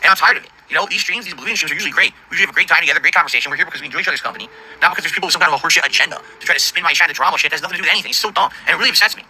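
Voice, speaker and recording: Middle-aged guy streamer going off, swearing nonstop, high bright husky voice, talks super fast. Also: rough recording. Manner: profane, indignant, rapid-fire ranting. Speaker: livestreamer. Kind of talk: angry stream rant.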